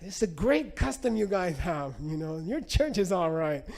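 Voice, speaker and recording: A man's voice: sits high, moderate pace, creaky, exaggerated voice. A man voicing an old Tibetan lama who is delighted and full of curious questions. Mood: excited. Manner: wide-eyed, excited questions.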